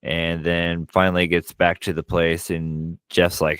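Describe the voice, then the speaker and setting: Deep-voiced man recapping a film, smooth and dry. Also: no echo. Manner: animated retelling, quick bursts of quoted lines; frequent profanity. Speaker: podcast co-host. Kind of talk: casual movie recap chat.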